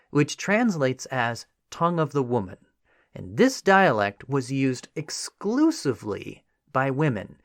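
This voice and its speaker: A man's voice: medium pitch, no room sound, clean studio sound. A man hosting a history podcast, narrating a script in a conversational way with frequent asides. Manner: conversational, animated, with frequent "you know" asides. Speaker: podcast host.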